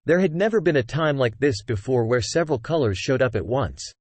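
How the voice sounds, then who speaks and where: Male audiobook narrator, lively pitch. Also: a little fast, dry recording. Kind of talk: scripted novel narration.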